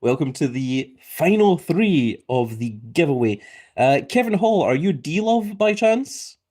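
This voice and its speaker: A man's voice: a little high, big pitch swings, unhurried, a little mellow. A man hosting a livestream, calling a giveaway in a playful wrestling-announcer manner and reading chat messages aloud. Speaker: livestream host.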